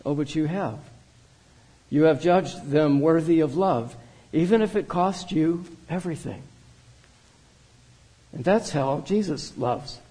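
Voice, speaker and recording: Man voicing a wise woman judge, calm, measured, unhurried, soft, dark and husky. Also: fairly high pitch, rough recording. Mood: tender. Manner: calm, measured, without emotion.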